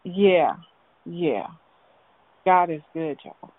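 A woman's voice: lowish voice, expressive, dry recording. Emotional woman caller on a phone line. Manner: emotional, halting, earnest. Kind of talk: testimony and prayer on a call.

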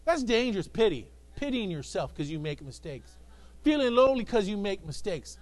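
A man's voice: sits high, sing-song, normal speed. A male pastor preaching an emphatic sermon to a congregation that answers back. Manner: emphatic preaching with call-and-response, acting out voices. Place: church sanctuary with congregation.

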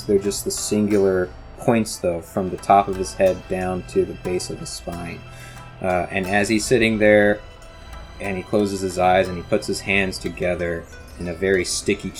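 A man running a tabletop game as game master, narrating in a relaxed way with many fillers. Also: low voice.

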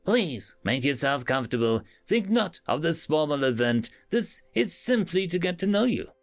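A man's voice: a little high, big pitch swings, moderate pace, creaky, soft background music, voice pushed up. A man voicing a strange levitating square-shaped alien who speaks with courteous formality in a science fiction story. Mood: welcoming. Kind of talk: audiobook character voice.

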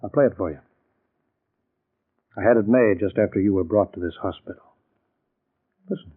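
A calm, shrewd captain. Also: male voice, fairly low pitch, moderate pace, breathy edge. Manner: calm, probing. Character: calm, shrewd middle-aged police captain. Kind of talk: 1940s radio acting. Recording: tinny old radio recording.

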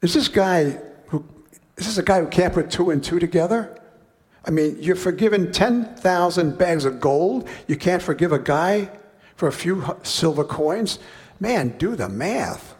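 Man, preacher, sermon, conversational wry asides, slightly high voice, long reverb. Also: expressive, a little slow. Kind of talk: sermon with scripture reading.

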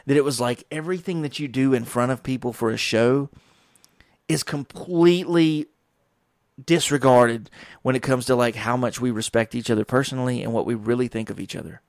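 A man's voice: mid-range voice, vocal fry, no echo, clean studio sound. A man, a professional wrestler, telling rambling work stories in a casual monologue, acting out what others said. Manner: rambling, animated quoting of others.

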